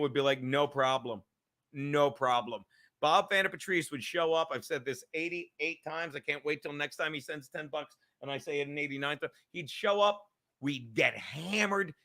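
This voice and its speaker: A middle-aged man tears through a profane comedic rant, voice loud and excitable, his tone bright and forceful. He sits a touch higher than most men and keeps swinging between grumbles and shouts. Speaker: podcast host. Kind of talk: ranting comedic monologue.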